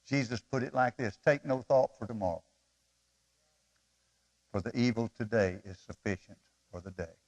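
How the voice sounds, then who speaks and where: A middle-aged man preaching a sermon as pastor, emotional and pleading, swinging from loud appeals to soft asides. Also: on the low side, moderate pace, pauses often.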